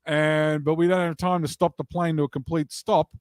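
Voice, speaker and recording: A man's voice: a little high, flat delivery, normal speed, darkish tone. A man, a comedian guest chatting and telling wry, laid-back anecdotes. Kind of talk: casual chat, storytelling.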